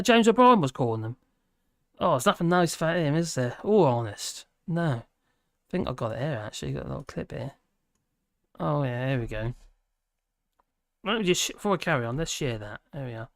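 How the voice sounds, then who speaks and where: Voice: mid-range voice, dry recording, clean studio sound. A host with a British accent chatting casually on a live stream, reading out viewer comments and humming between them. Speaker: livestream host.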